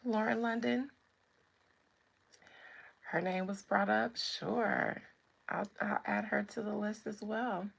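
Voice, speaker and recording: Woman livestream host, relaxed and chatty; husky, unhurried. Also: mid-range voice. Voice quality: relaxed, greets viewers by name. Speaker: host of a live spiritual chat stream. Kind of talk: casual live-stream chat.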